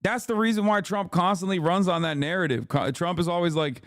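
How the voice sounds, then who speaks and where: A male streamer giving animated, profane, sarcastic live commentary in a casual rant. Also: high-pitched, fairly quick, hardly any pauses, no echo, clean studio sound.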